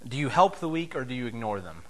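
A man preaching a sermon as pastor, emphatic, swinging between loud declarations and soft, low asides. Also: very animated, fast talker.

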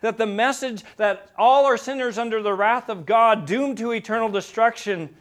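Emphatic man preaching a sermon. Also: moderate pace. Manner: dynamic preaching, swinging from quiet and low to loud emphatic peaks; asks the congregation rhetorical questions. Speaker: pastor.

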